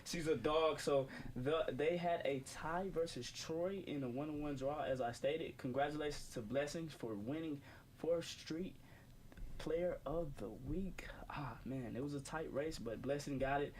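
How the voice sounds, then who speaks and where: A man's voice: a little high, moderate pace. A young man hosting a casual student radio sports show, joking and laughing often between segments. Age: young adult. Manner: jokey, laughs often, repeats "without further ado". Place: college radio studio. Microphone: studio microphone.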